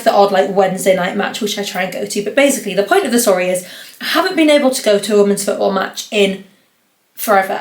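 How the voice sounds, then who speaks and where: A woman's voice: medium pitch, creaky. A young woman from the North East of England, hosting her podcast in a rambling, chatty way with lots of fillers. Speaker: podcast host. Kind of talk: casual solo podcast chat. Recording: roomy echo.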